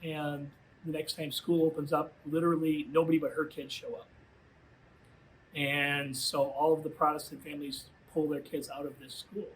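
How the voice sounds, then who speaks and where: Man, youth minister, storytelling talk for students, conversational with fillers, slightly high pitch. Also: little pitch movement, moderate pace, slight background noise, low-quality recording. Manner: conversational, full of "you know" fillers.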